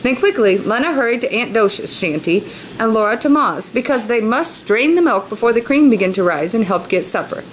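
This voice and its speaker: A woman's voice: a little high, animated, a little fast, a little hiss or hum, poor audio. Chatty teacher woman reading aloud. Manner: chatty asides explaining words. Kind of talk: reading a novel aloud to students. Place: at home, kitchen nearby.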